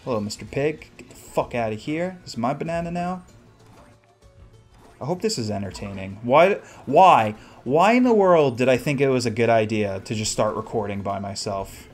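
Young guy swearing through a solo let's play, mid-pitched voice, ragging on himself, little game music behind. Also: lively intonation, normal speed. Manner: profane, self-mocking, shouts at the game. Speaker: gaming podcast host.

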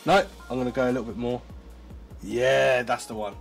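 A man reviewing tech in a casual demo, chatty and excitable, thinking aloud as he goes. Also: mid-range voice, moderate pace, gravelly, soft background music.

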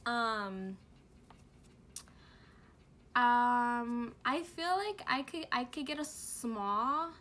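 Chatty, slow-talking young woman vlogger. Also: sits high, lively intonation, pushed and bright. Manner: bubbly, chatty, giggly, lots of fillers and slang. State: out of breath from heat. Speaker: beauty and lifestyle vlogger. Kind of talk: casual product review vlog.

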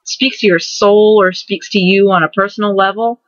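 A woman in her twenties hosting a casual vlog, rambling excitedly and restarting her words as she goes. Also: medium pitch, moderate pace, dry recording. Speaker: vlogger host. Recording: dull lo-fi dry recording.

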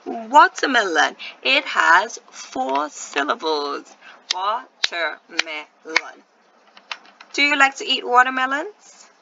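Woman, grade one teacher, video lesson, patient syllable sounding, slight vocal fry, dull lo-fi sound. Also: high-pitched, big pitch swings, measured pace, few pauses, background noise. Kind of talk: online video lesson for young children.

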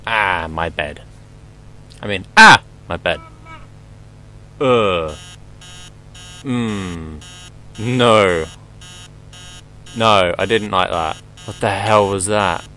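This gameplay commentator, a young man, jokes and swears through a horror game and lets out startled yelps at the scares. He speaks very slowly in a low register, leaving long pauses, and his tone sounds pushed and bright. The recording quality is poor.

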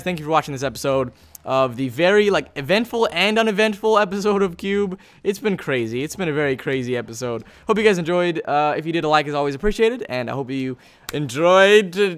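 A man giving Let's Play commentary on a sandbox game, excitable and jumping between high squeals and low mutters, talking straight to viewers. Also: fairly quick, smooth. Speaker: YouTuber playing Minecraft.

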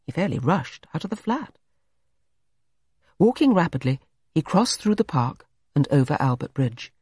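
An audiobook narrator reading a classic story with expressive, scripted delivery. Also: mid-range voice, normal speed, slightly rough, no echo, clean studio sound.

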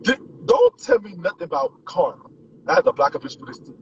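A man's voice: high-pitched, huge pitch swings, brisk, lo-fi sound, a little hiss or hum. A man chatting casually on a livestream, greeting viewers by name and laughing often as he talks to them. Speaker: livestream host.

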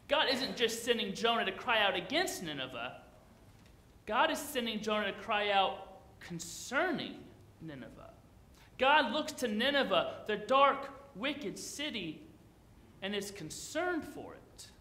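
Bright-voiced male pastor preaching. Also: very high-pitched, very animated, moderate pace, echoey room. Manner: conversational, playful, asks the congregation questions. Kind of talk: sermon.

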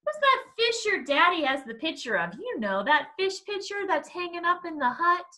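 A woman's voice: very high-pitched, big pitch swings, moderate pace, sharp tone, pitched above the performer's own voice, heavily acted. Woman doing a jeering teen bully. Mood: mocking. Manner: mocking, jeering. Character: taunting teenage boy bully.

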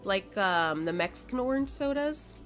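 A woman's voice: medium pitch, expressive, moderate pace, a bit bright, soft background music. A young adult woman streaming a game, chatting casually with her chat, reading and answering messages, swearing and laughing. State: sleepy, yawning.

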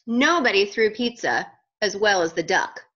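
A woman reads a picture book aloud, making playful asides and asking young listeners questions. Her mid-range voice is expressive and a bit bright at normal speed, though the recording is muffled.

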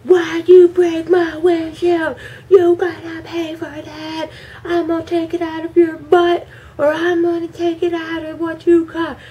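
Woman doing a furious yelling dad. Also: very high-pitched, flat delivery, a little slow, dull audio, pitched above the performer's own voice. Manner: yelling, threatening. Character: furious shouting dad scolding his daughter.

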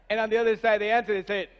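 A man interprets a sermon live, phrase by phrase, in a casual, conversational way. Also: high voice. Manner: relays each phrase quickly, casual and conversational. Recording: reverberant dull sanctuary audio.

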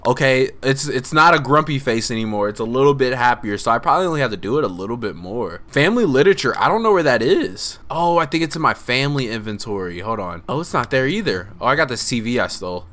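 Lively, bright-voiced young male gamer. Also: mid-range voice. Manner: laid-back slangy talk, often says "man", excitable outbursts. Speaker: gaming channel host. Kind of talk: casual gameplay commentary.

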